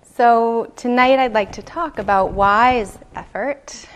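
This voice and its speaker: A woman meditation teacher giving a dharma talk, telling a story slowly and gently, with soft pauses. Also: a little high. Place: retreat meditation hall.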